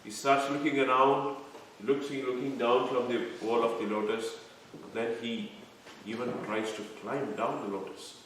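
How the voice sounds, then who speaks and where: Male scripture teacher, measured explaining style, echoey room with faint background noise. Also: medium pitch, fairly even intonation, fairly bright tone. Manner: explains terms slowly, quizzes listeners. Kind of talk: devotional scripture lecture. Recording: echoey room, mic far off.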